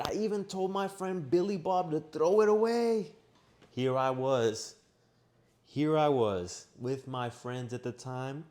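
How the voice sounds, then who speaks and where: Young male vlogger, casual storytelling, animated delivery. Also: medium pitch. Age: young adult. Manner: animated, acts out his own shouting in quoted lines. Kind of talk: personal storytelling. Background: washing machine running.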